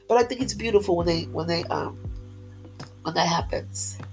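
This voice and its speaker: A woman's voice: on the low side, normal speed, darkish tone, poor audio. Woman, faith-based motivational talk, peppy, upbeat, repeats phrases, faint background music. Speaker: motivational speaker.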